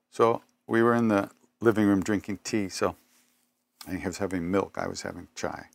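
Gravelly, low older man giving a spiritual talk. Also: steady tone. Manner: unhurried and reflective, with pauses and self-corrections. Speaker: spiritual teacher. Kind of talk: spiritual talk with personal stories.

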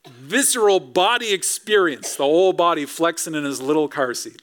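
Conversational pastor preaching a sermon. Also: male voice, high-pitched, animated, normal speed, fairly bright tone. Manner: conversational, asks the congregation rhetorical questions. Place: church sanctuary.

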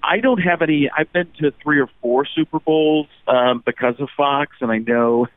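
A man tells stories on a call, lively and quick to slip into other voices. His line sounds thin and phone-like, with no room around it. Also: fairly high pitch, dry recording. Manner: animated, jumps into voices and impressions. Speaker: guest impressionist. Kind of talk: casual phone-in chat.

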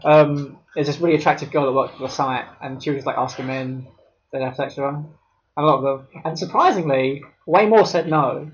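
A man's voice: on the high side, fairly quick. A young man co-hosting a casual podcast, trading crude jokes and banter. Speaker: podcast co-host. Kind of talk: casual chat. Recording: dull sound with faint noise.

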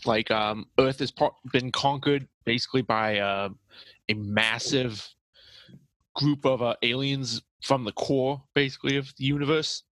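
A man's voice: mid-range voice, fairly even intonation, unhurried, a bit bright, no echo, poor audio. A man chatting casually on a podcast, hesitant with many ums and uhs. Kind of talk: casual chat.

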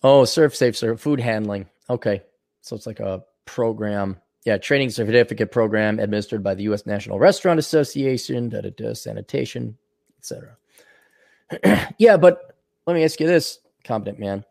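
An older man hosting a podcast while sick, clearing his throat often, ranting sarcastically and profanely and reading out donor messages. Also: on the low side, normal speed, darkish tone, dry recording, studio quality. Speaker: podcast host. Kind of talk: casual ranting monologue.

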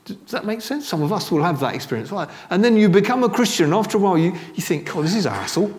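A man's voice: high-pitched, animated, rapid-fire, darkish tone. A middle-aged man giving a sermon in a church, talking conversationally with restarts and asides. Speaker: preacher.

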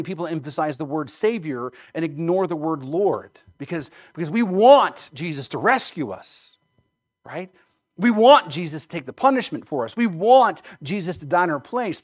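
Man preaching with emphatic questions. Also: on the high side. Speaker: pastor. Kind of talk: sermon.

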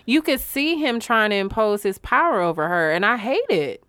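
A woman's voice: mid-range voice, big pitch swings, moderate pace, fairly bright tone, clear, resonant tone, no room sound. A woman co-hosting a podcast, talking candidly and animatedly with casual profanity. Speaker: podcast co-host. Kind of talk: casual chat.

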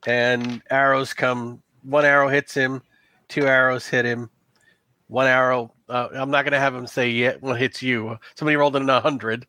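A man's voice: mid-range voice, level tone, normal speed, sharp tone, no room sound. A man narrating a tabletop game as game master in a casual, rambling way, with lots of "like" and "um.".

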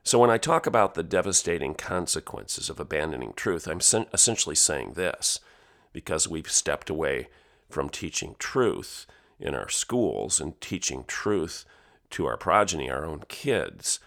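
Gravelly, hoarse man with a deep voice. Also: a bit bright. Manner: emphatic, indignant, preacherly. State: hoarse from a chest cold. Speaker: podcast host. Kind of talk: opinion podcast commentary.

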